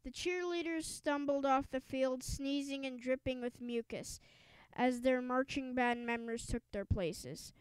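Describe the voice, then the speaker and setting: Reading a children's book aloud as an audiobook narrator, a woman uses an emphatic storytelling lilt, a little slowly, sometimes stumbling and restarting words. Her high voice is smooth and clear. The audio is rough, dry and close, with no room sound at all.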